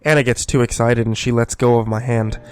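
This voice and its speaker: A man narrating a first-person horror story in a scripted, hushed delivery. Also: mid-range voice, fairly even intonation, brisk, clean tone, no room sound, faint music behind.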